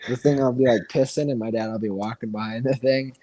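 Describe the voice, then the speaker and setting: Dude co-hosting a podcast, chill rambling stories, cusses a lot. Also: male voice, medium pitch, fairly even intonation, quick pace, dark tone. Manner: laid-back, profane anecdotes full of fillers. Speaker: podcast co-host. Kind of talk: casual chat.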